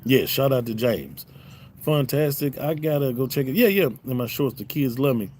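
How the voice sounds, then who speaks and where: Middle-aged Southern man, livestream host, lively up-and-down delivery, joking and laid-back. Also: mid-range voice, normal speed, a little hiss or hum. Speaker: YouTube host reading live chat. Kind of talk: casual livestream chat. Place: home, smoking a cigar on a livestream.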